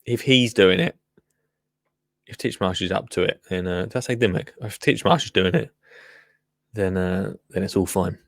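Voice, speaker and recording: A man's voice: deep voice, moderate pace, gravelly, pauses often, no room sound. Guy host cracking jokes over a show, dry close sound. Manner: joking, teasing asides. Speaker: podcast host. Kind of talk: casual commentary over a TV show.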